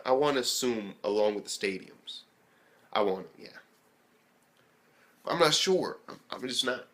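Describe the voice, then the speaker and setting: Young guy ranting about an anime ep, swears a ton, super hyped, says like every other word, normal pitched voice. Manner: excitable, profane, rambling with lots of fillers. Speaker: anime reviewer. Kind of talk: casual video review.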